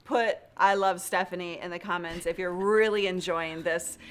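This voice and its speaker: A woman hosting a casual livestream interview over a video call, enthusiastic and quick to laugh. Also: lowish voice, fairly even intonation. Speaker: livestream host.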